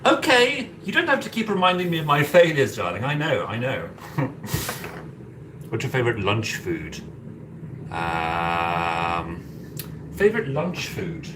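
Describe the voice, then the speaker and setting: A man's voice: low voice, very animated, very slow, long pauses, heavily acted. A man voicing a flamboyant aristocratic male owl demon prince, campy and giggly as he cooks in an apartment kitchen and chats with viewers, calling them darling. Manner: campy, theatrical, giggly, calls chat darling. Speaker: cosplay streamer. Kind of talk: in-character cooking livestream. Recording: echoey kitchen with background noise.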